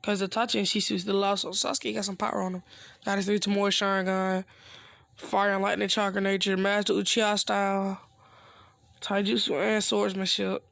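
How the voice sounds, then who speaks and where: A man's voice: high voice, level tone, fairly quick, creaky, fairly bright tone, dry recording. A man casually improvising a fan-fiction story, rambling with slang asides.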